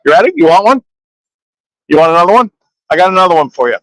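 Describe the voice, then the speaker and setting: High-voiced joking man, dry sound. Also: animated, fast talker, dry recording, rough recording. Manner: jokey, playful, delivers motivational quotes. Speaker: podcast co-host. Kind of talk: casual banter. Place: trade show floor.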